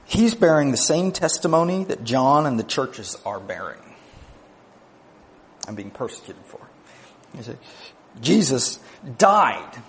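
A man preaching a sermon, moving between quiet, low asides and raised, emphatic declarations, with conversational "right?" asides. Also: measured pace, pauses often, a little hiss or hum.

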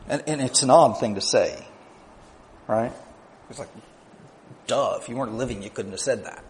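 With a little hiss or hum in the recording, a man delivers a sermon that swings from low, quiet asides to loud, emphatic statements, sprinkled with casual "right?" checks.

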